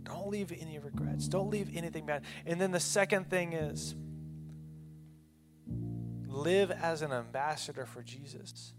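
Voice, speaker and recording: A man delivers a sermon to a church gathering in an earnest, pleading tone. His voice sits a little higher than most men's. Clear guitar music plays behind him. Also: measured pace, pauses often. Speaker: preacher. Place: church service with a worship band.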